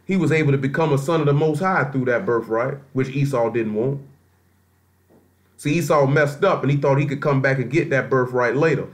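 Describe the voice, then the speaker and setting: A man's voice: mid-range voice, fairly quick. A man preaching a sermon in a blunt, colloquial, scolding way, weaving in scripture readings.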